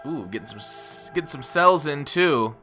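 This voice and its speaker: A man's voice: fairly high pitch, expressive, normal speed, pushed and bright, faint music behind. A man giving rambling, casual commentary on his gameplay and talking straight to his viewers. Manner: rambling, self-deprecating, talks to viewers. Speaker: gaming YouTuber.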